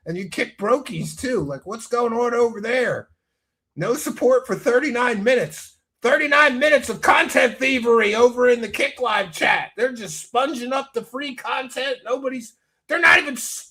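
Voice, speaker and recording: A man hosting a livestream, talking in a profane, mocking comedic way and often breaking into shouts. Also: extremely high pitch, expressive, moderate pace. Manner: loud, mocking, swings into shouting. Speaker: livestream host.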